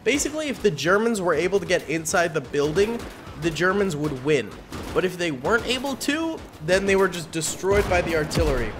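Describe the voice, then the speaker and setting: A man giving casual, excitable gameplay commentary on his gaming channel, exclaiming at big moments. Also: high voice, fairly quick, background noise. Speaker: gaming YouTuber. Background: faint game gunfire and music.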